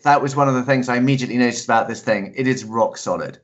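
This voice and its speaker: A man's voice: medium pitch, fast talker. Enthusiastic male guest, muffled audio. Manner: enthusiastic, animated. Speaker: interview guest, paraglider pilot. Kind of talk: casual interview chat.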